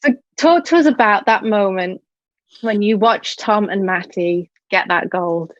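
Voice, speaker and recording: A woman's voice: medium pitch, unhurried, no echo, muffled recording. A woman interviewing a guest over a video call, asking long, enthusiastic questions in a casual way.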